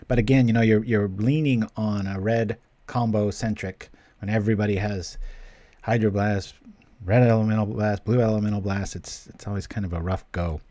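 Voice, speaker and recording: A man's voice: fairly low pitch, mellow, dry recording. A man hosting a card-game stream, giving casual live commentary as he plays and thinking aloud in a playful, chatty way.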